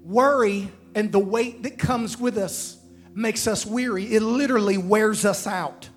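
A man with a high voice preaches a sermon, asking the congregation to say lines back to him. Faint music plays underneath his words. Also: unhurried. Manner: preaching with call-and-response to the congregation.

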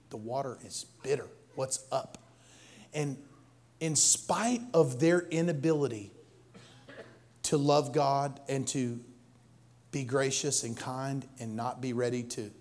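Man, pastor, sermon, higher-pitched voice, animated preaching, loud bursts and soft asides.

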